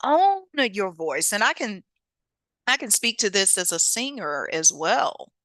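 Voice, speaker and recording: A woman hosting a motivational self-help talk, lively and preachy, with casual speech. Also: medium pitch, a little slow, dry recording. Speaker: host.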